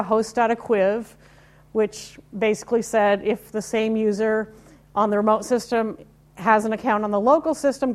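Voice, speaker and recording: Chatty woman in her fifties giving a talk. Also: a little high. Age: 50s. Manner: chatty and informal, with wry asides and audience questions. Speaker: conference speaker. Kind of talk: live technical talk to an audience.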